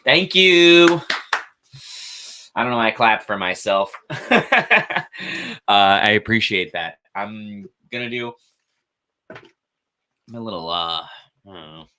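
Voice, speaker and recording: A man's voice: on the low side, normal speed, pauses often, sharp tone, a little hiss or hum. A man hosting an art show, chatting casually and rambling to himself as he colors, swearing now and then. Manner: rambling self-commentary with swearing. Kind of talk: casual chat while coloring.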